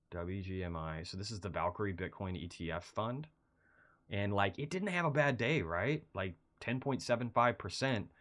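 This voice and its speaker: A man hosting a casual market commentary stream, talking through charts in a rambling, conversational way while feeling a bit unwell. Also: on the low side. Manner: conversational, rambling, animated bursts of excitement. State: feeling unwell, low energy.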